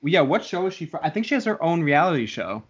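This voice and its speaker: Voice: mid-range voice, sing-song, fast, slightly rough. A podcast co-host in casual chat who asks lots of curious questions. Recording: dull lo-fi sound.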